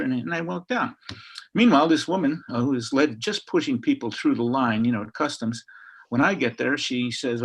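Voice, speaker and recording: Husky older man telling a story. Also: mid-range voice, normal speed. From Chicago. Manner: lively, acts out the people he quotes. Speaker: historian guest. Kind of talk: animated storytelling. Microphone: video call.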